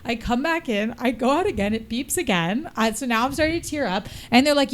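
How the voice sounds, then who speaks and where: A woman's voice: a little high, quick pace, hardly any pauses. A woman co-hosting a podcast, telling a story in casual chat and laughing often as she goes. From New York. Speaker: podcast co-host.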